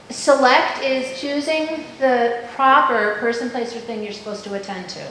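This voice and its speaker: A woman in her fifties giving a workshop talk to parents, lively and full of questions, acting out quoted voices. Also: fairly high pitch, normal speed, few pauses. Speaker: parent education speaker. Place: school room. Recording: very echoey room with faint noise.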